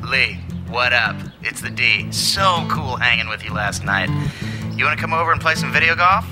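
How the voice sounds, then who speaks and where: A man's voice: medium pitch, expressive, normal speed, lightly acted. A man playing a goofy male rocker leaving a laid-back, chummy voicemail, with music behind him. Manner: laid-back, dude-speak.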